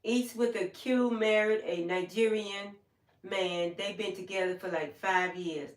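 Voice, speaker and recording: A woman's voice: medium pitch, fairly even intonation, unhurried, distant mic. An older woman hosting a casual live stream from home, rambling through stories and acting out what people told her. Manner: rambling, storytelling, acts out quoted people. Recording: roomy sound, away from the mic.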